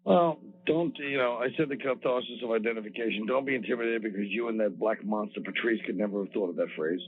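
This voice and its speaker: A man's voice: on the low side, quick pace, breathy edge. Dry sarcastic man on tinny audio. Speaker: comedian co-host. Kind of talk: casual podcast chat.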